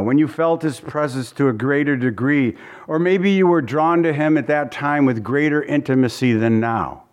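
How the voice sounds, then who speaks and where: A man preaching as a pastor, teaching verse by verse in a folksy, conversational way and often repeating his phrases. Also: mid-range voice.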